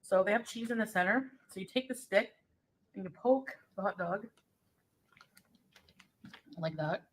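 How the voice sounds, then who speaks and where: A woman's voice: medium pitch, lively intonation, unhurried, pauses often, a little hiss or hum. A woman doing a mukbang food review, chatting casually about each snack as she eats it. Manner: chatty, describing food while eating. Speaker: food vlogger.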